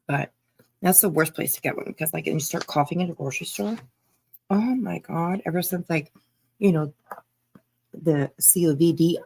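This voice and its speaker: A woman hosting a live stream, a little hoarse, chatting casually and greeting viewers by name with frequent laughs. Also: lowish voice. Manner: chatty, laughs often, reads chat names aloud. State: hoarse, throat tickle.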